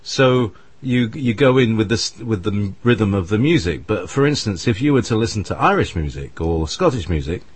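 A man's voice: fairly low pitch, lively intonation, normal speed, hardly any pauses, breathy edge, dry recording. A British man talking in a rambling, hesitant way, with many restarts and fillers. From Britain. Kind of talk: casual conversation.

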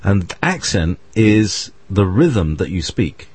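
A man's voice: deep voice, sing-song, slow pace, a little mellow, breathy edge. A British man talking in a rambling, hesitant way, with many restarts and fillers. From Britain. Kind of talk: casual conversation.

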